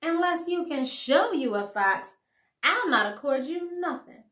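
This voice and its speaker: A woman's voice: high-pitched, expressive, a little slow, a bit bright, voice pushed up. Woman doing a sassy young country girl. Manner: folksy, blunt, matter-of-fact. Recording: echoey room.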